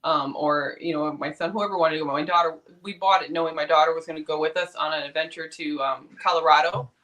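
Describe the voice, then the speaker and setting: A woman's voice: sits low, steady tone, fast talker, fairly bright tone, poor audio. A middle-aged woman from Indiana, a guest chatting in an upbeat way and laughing easily. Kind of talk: casual interview chat.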